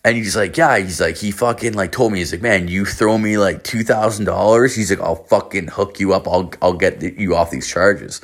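A young man with a low voice tells a long, swear-filled story in a loose, rambling way. He keeps saying "like" and acts out what his friends said, all in a casual monologue. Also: moderate pace, hardly any pauses. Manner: profane, rambling, heavy filler words. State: hungover.

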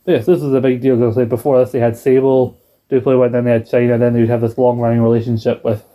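A British man chatting on a podcast in a loose, rambling way, now and then jumping into a higher put-on voice to act out a scene. His tone is mellow and soft-edged, at an ordinary middle pitch. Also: flat delivery, quick pace. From Britain. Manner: rambling, acts out quoted lines in a raised put-on voice. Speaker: podcast co-host. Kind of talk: casual chat.

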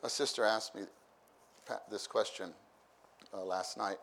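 A man's voice: fairly low pitch, fairly even intonation, unhurried, gravelly, a bit bright, a little hiss or hum. A man preaching a conversational sermon at a church meeting, repeating phrases and acting out the voices of people in his stories. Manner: repeats phrases, acts out voices with bursts of laughter.

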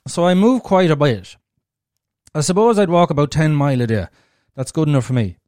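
A man's voice: a little high, lively intonation, fairly quick, darkish tone, dry recording, clean studio sound. A man with an Irish accent hosting a solo podcast, talking frankly and bluntly and swearing freely as he shares his own experience. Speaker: podcast host. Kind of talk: candid solo podcast monologue.

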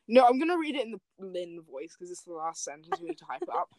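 A woman's voice: fairly low pitch, big pitch swings, quick pace, few pauses, no room sound. Young woman reading fanfic dramatically. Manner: reads melodramatically, breaks into laughter and jokes. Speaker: host reading fan fiction aloud. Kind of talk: casual chat with dramatic reading.

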